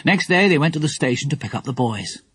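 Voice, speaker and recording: A man narrating a children's audiobook in an animated, expressive way. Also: on the high side, fast, slightly rough, no echo, clean studio sound.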